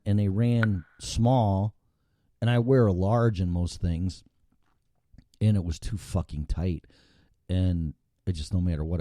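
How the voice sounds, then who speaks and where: A man's voice: low-pitched, no room sound, clean studio sound. Rambling, profane host in his fifties. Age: 50s. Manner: rambling and profane, thinks out loud. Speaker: show host. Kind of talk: casual livestream monologue.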